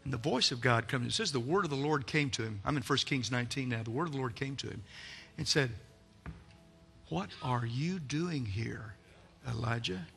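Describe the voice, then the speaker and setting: Dramatic, bright-voiced preacher. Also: male voice, mid-range voice, fast, creaky. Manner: dramatic storytelling, acts out characters, swings from loud to soft. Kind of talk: sermon. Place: church.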